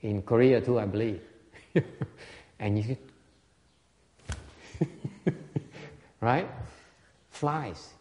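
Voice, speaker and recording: Male Vietnamese monk teacher, native Vietnamese, lively stammering talk, dark tone, reverberant hall. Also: mid-range voice, very slow, pauses often, a little hiss or hum. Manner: animated, laughing, stammers and repeats words. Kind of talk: casual dharma talk.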